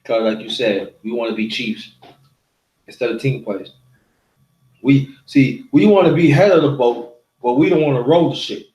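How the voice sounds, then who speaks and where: A man hosting a casual chat, telling a personal story in halting bursts and often repeating his words. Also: mid-range voice, darkish tone. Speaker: host. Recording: roomy echo.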